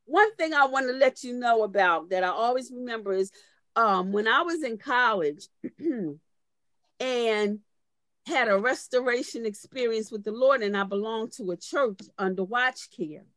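A woman's voice: a little high, lively intonation, unhurried, a bit bright, dry recording. A woman pastor delivering a sermon, moving from conversational storytelling to fervent preaching and calling out to members of her congregation by name.

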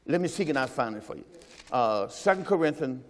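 Preaching at a church service, this male pastor asks rhetorical questions and eases his pace to stress lines of scripture. He has a mid-range, expressive voice, recorded with a long reverb tail.

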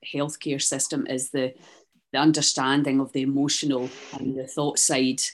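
A podcast host asking thoughtful, measured questions in a conversational interview, with a few ums. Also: medium pitch, level tone.

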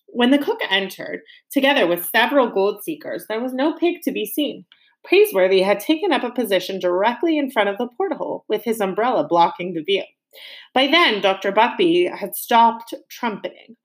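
A woman reader tells a children's novel aloud with expressive storytelling, her voice at medium pitch and her pace moderate.

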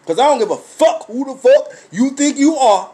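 A man telling a story as a blunt, animated comic rant, swearing constantly and breaking into laughs. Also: extremely high pitch, normal speed.

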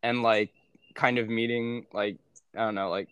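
A man's voice: on the low side, level tone, moderate pace, a bit bright, clear, resonant tone, no room sound, lo-fi sound. A young man and former aid worker chatting casually as a podcast guest, rambling with many filler words and frequent swearing. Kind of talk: casual chat.

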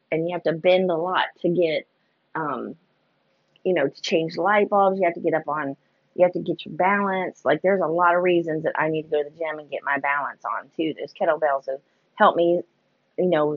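Chatty low-voiced woman rambling. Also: no room sound. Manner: chatty, rambling, self-deprecating, heavy on "like" and "you know". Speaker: vlogger. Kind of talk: casual storytelling vlog. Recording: dull lo-fi recording.

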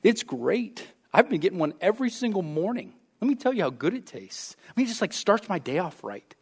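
A man preaching a sermon as pastor, conversational and animated, often asking the congregation rhetorical questions. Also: high-pitched, fairly quick, slightly rough.

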